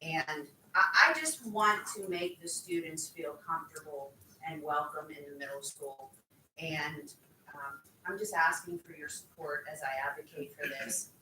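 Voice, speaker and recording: A woman speaks haltingly and with feeling, her voice low for a woman yet bright. She is picked up from a distance in an echoey meeting room. A faint hum of room noise sits behind her. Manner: emotional, halting, with fillers. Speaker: teacher speaking at public comment. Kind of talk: public comment at a meeting. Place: school board meeting room.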